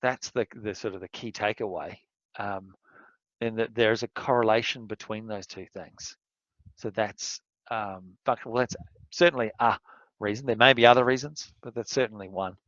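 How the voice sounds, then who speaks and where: A man's voice: lowish voice, normal speed, a bit bright, no echo, dull audio. A male university lecturer giving a recorded lesson, rambling and candid, sometimes working himself into a rant. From outside Australia. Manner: rambling, candid, gets worked up and ranting.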